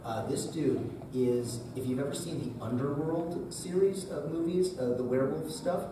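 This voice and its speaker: A man's voice: a little high, normal speed. Guy voice actor at a con q&a, goofy and chatty, echoey room with crowd noise. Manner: lively, jokey, breaks into character voices. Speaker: guest voice actor at a convention panel. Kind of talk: casual panel Q&A. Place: large convention hall. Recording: echoey convention hall, mic from far off, crowd ambience.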